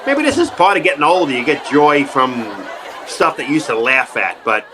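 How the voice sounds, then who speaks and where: A man's voice: fairly high pitch, big pitch swings, normal speed, crowd noise, noisy background. A man, an acting coach, telling self-mocking comic stories in an interview, laughing often and acting out the voices he quotes, on a video call.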